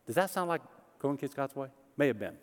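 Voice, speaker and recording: A middle-aged man preaching a sermon as pastor, conversational and animated, joking with the congregation. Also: mid-range voice, fast. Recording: long church hall reverb.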